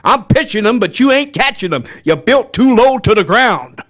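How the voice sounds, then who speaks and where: A man's voice: high-pitched, expressive, normal speed, a bit bright, soft background music, pitched above the performer's own voice. A man doing blustering cartoon rooster. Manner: blustery drawl, repeats "I say".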